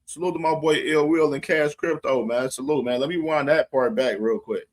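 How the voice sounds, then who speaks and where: A man with a slightly higher voice hosts a casual show. He talks loosely and keeps filling his sentences with "bro". He sends shout-outs and comments on the story. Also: brisk. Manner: loose, filler-heavy, repeats "bro". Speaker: show host. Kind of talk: casual chat.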